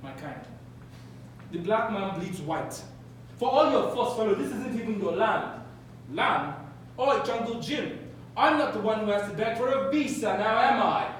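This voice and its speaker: A man's voice: high voice, expressive, moderate pace, a bit bright, slight background noise, voice pushed up. A man on stage playing an arrogant man who sneers and provokes, recorded from far off in an echoey theatre. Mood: sneering. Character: arrogant, insulting young man.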